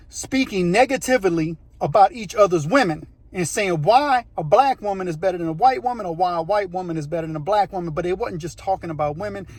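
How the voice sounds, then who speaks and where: A man's voice: high voice, dry recording. A man telling a true story in a casual, rambling way, often checking in with "you know what I mean". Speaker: storyteller, channel host.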